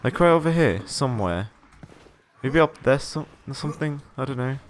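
A young man playing a horror game and talking through it, jittery and quick to exclaim and repeat words when scared. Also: medium pitch, lively intonation, a little hiss or hum. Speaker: gaming YouTuber. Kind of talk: horror game let's play commentary.

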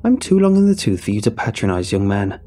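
A man's voice: very animated, fast talker, warm tone. A man voicing a shrewd elderly woman who squawks and rambles, turning snappish. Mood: shrill, rambling. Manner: shrill, snappish.

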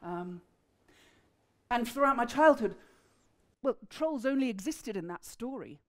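A woman's voice: fairly high pitch, expressive, measured pace, no echo. A woman from England, telling a folk tale expressively to an audience. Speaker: storyteller. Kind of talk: oral storytelling to a live audience.

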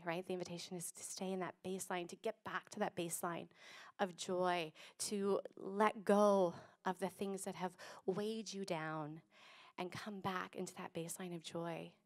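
A woman pastor giving a casual, animated sermon and acting out voices, streamed over a video call. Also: fairly low pitch.

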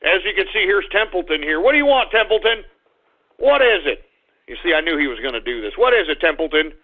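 A man hosting a live radio show, exasperated, yelling and ranting at his dog. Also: high-pitched, very animated, quick pace. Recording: tinny phone-like radio audio.

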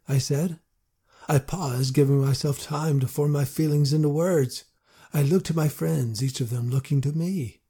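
A man's voice: on the high side, fairly even intonation, moderate pace, dark tone, breathy edge. Man narrating a fantasy audiobook.

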